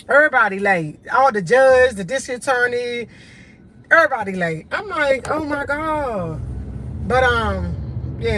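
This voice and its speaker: A woman's voice: fairly high pitch, fairly bright tone, low-quality recording. Chatty fired-up woman in aave, live stream outside, traffic noise behind her. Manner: indignant, chatty storytelling. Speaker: vlogger. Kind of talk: casual live-stream chat.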